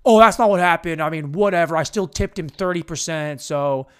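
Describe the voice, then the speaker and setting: Brief: man putting on a brash young dude, loud and dismissive, higher-pitched than his usual. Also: brisk, smooth, lightly acted. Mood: aggro. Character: cocky rude young man on a date.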